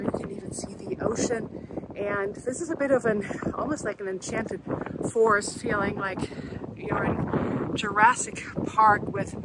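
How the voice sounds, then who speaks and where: A woman vlogging casually while hiking, chatty and upbeat with many fillers, out of breath from the climb. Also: medium pitch. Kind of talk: casual travel vlog. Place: outdoors on a forest hill. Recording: loud outdoor wind noise.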